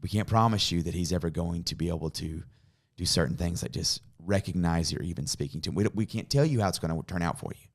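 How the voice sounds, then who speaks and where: A man, a pastor, tells a personal story in a podcast conversation, earnest and dropping to a hush in emotional moments. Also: low voice, fast talker, few pauses.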